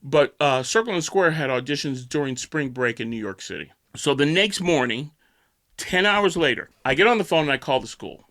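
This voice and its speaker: A man on a talk show telling animated stories, laughing and acting out the dialogue. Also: a little high, fairly quick. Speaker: guest. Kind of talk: animated storytelling.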